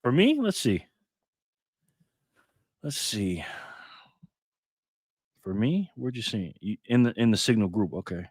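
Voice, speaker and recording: An older man hosting a casual live stream, loudly greeting viewers by name and muttering to himself while he fiddles with his phone. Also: medium pitch, big pitch swings, fast talker, hardly any pauses, slightly rough, no echo, studio quality. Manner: loud upbeat shout-outs, drops to mutters while fiddling with phone.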